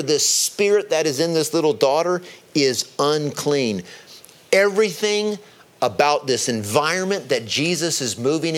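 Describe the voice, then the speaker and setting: A man preaching a sermon, stressing key words and slowing down to drive his points home. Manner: emphatic, rises in pitch on key words, slows to stress points.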